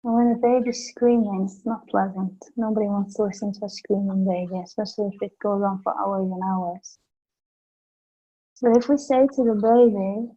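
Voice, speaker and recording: A woman facilitating a gentle guided session, speaking softly and soothingly with simple images. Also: medium pitch, steady tone, highs cut off. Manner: soft, slow and soothing, with imagery. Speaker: energy work facilitator.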